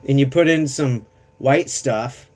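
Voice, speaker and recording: A man's voice: medium pitch, slow pace, darkish tone. A man chatting casually on a live stream, rambling and swearing as he reads chat aloud, with bouts of coughing.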